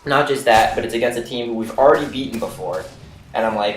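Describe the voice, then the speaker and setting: A man's voice: mid-range voice, quick pace. A young man casually telling a story from his school days, rambling with lots of "like" and "you know". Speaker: vlogger. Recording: roomy echo with faint noise.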